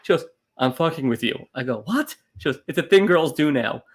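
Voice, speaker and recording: Male comedy podcast co-host, fairly high voice that swings widely, animated storyteller. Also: brisk. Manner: animated storytelling, swings into loud exasperated bursts. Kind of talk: casual comedic chat.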